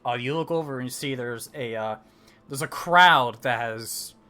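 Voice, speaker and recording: Bright-voiced man running a tabletop game. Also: mid-range voice, moderate pace. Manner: rambling, lots of fillers and restarts. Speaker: dungeon master.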